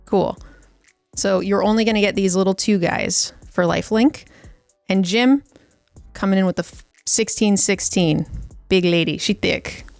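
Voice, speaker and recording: A woman playing a tabletop card game, teasing the others and quick to laugh. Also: medium pitch, creaky, no room sound, faint music behind. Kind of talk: casual tabletop game chat.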